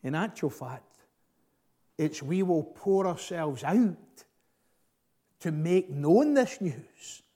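A pastor preaches in a slightly high, mellow voice, speaking slowly with lively intonation and frequent pauses. His earnest, emphatic delivery swells and fades in force, and he often stalls on fillers and repeated words while pressing his point.

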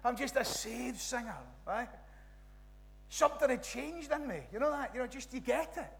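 A pastor from Scotland's West Coast gives a conversational sermon in a church, animated and rambling, with restarts and "you know, right?" asides as he circles back. His bright voice is high for a man, with vocal fry and a moderate pace, and the hall rings with a long echo.

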